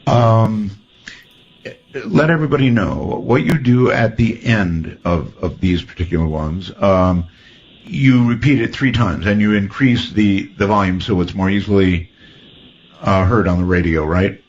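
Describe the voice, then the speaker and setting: A man co-hosts a casual radio talk show and moves things along with wry questions. His voice is on the low side. The sound is dull and lo-fi, with a faint hiss. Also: lively intonation, a little slow. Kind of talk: casual on-air conversation.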